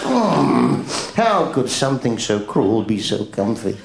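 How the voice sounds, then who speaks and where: Quirky stand-up guy, bouncy pitch, echoey theatre with audience noise. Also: sing-song, moderate pace. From England. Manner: quizzical, absurdist, frequent questioning hums. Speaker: stand-up comedian. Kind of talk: stand-up comedy routine. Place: theatre stage. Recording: live show with roomy echo and audience noise.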